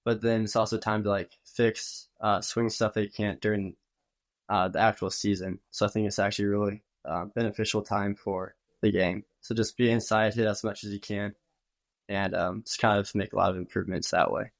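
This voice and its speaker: A man's voice: fairly low pitch, flat delivery, moderate pace, gravelly. A teenage male golfer answering interview questions hesitantly, with many ums and likes. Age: teens. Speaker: high school golfer guest.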